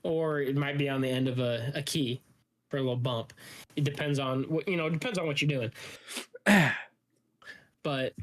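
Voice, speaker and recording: A man's voice: mid-range voice, moderate pace, pauses often. A man from the American Midwest co-hosting a podcast, telling rambling stories in casual banter and swearing freely. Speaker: podcast co-host.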